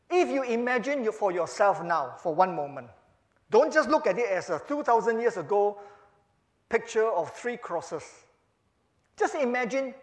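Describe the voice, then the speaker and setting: A man preaching a sermon, talking conversationally with frequent "you know", then building to loud, emphatic peaks. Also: high-pitched, echoey room.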